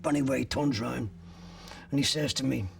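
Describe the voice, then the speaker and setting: A man's voice: medium pitch, fairly even intonation, fairly quick, vocal fry, distant mic, noisy background. An older man from Ireland bluntly retelling his own arrest in vivid first-person detail, swearing freely. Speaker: interviewee recounting his arrest.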